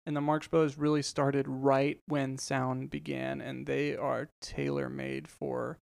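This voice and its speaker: A man's voice: medium pitch, little pitch movement, a little slow, vocal fry, no echo. A man co-hosting a podcast in casual chat, explaining at length with many fillers. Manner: explains at length with many ums and you-knows. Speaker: podcast co-host.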